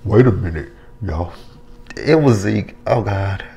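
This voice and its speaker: A man giving a casual, animated and profane recap of a TV episode, acting out the characters' lines. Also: on the low side, slow pace, gravelly. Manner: animated, profane, acts out the scenes with quotes. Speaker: TV episode reviewer.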